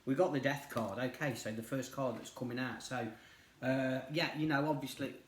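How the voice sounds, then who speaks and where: A man's voice: mid-range voice, fairly even intonation, normal speed, a little hiss or hum. A middle-aged man doing a tarot reading, talking casually and rambling, with lots of fillers and restarts. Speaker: tarot reader. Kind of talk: casual chat while reading cards. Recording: roomy echo.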